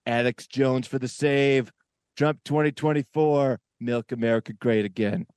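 A man's voice: mid-range voice, steady tone, normal speed, a little mellow, clear, resonant tone, dry recording, studio quality, lightly acted. A man doing a boastful rambling politician. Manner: rambling, boastful, self-correcting puns. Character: boastful older male politician telling a tall tale. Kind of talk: comedy impression narrating a story.

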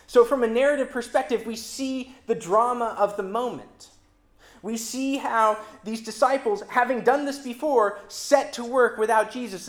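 A preacher giving a sermon in an expressive, emphatic manner, with dramatic swings between loud and soft delivery. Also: mid-range voice. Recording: roomy echo.

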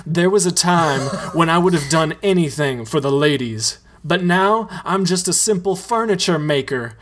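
A reader voicing a glum washed-up dancer. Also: male voice, a little high, animated, moderate pace, fairly bright tone, voice pushed up. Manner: glum, self-pitying. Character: dejected male dancer feeling washed up.

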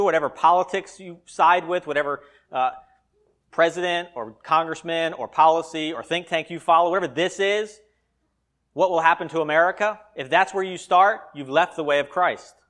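A male pastor with a voice on the high side preaches at normal speed. He swings between loud, emphatic lines and quiet asides.

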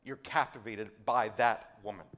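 At a moderate pace and with a steady tone, a male pastor delivers a sermon. He moves from loud, forceful declarations to quiet asides, and repeats words for emphasis.

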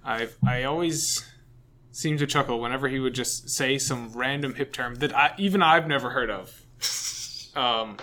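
A man's voice: mid-range voice, a little slow, pushed and bright. A man chatting casually as a podcast guest, eagerly jumping in with comments. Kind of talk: casual chat.

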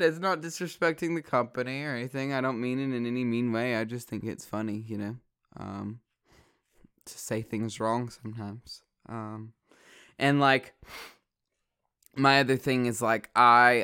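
A man's voice: mid-range voice, measured pace, pushed and bright, clear, resonant tone. A young man, rambling casually as a vlogger, swearing often and filling gaps with ums and likes. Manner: swears a lot, rambling with many fillers.

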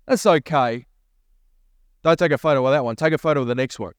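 A man's voice: mid-range voice, brisk, smooth, no echo, studio quality. A man preaching a sermon as a pastor, repeating key phrases and asking rising questions. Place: church.

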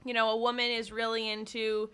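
A woman's voice: on the high side, completely flat delivery, a little fast, bright, forceful tone, clear, resonant tone. A woman co-hosting a casual chat, making emphatic, opinionated points and swearing for emphasis.

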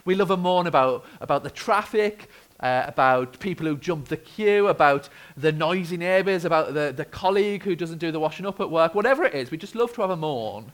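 A man's voice: a little high, expressive, a little fast, hardly any pauses, fairly bright tone, rough recording. A British man preaching a sermon, telling the story with expression and wry humour. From United Kingdom.

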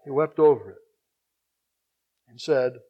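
A man preaching a sermon, swinging between hushed, slow passages and loud, emphatic ones, and repeating phrases for emphasis. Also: medium pitch, lo-fi sound.

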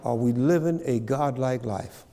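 A man's voice: mid-range voice, a little slow, dark tone, long reverb tail. A man preaching a sermon, repeating phrases and checking in with his congregation. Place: church.

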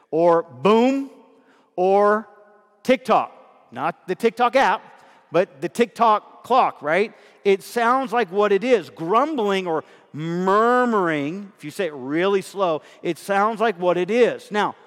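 A man's voice: high voice, fairly bright tone, in a large hall. A middle-aged man, a pastor preaching a sermon in a conversational way, asking the congregation questions.

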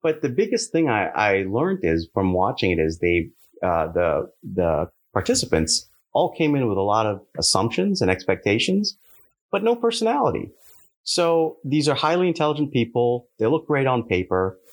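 A man with a Californian accent telling stories in a casual chat, animated and laughing often. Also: mid-range voice, normal speed.

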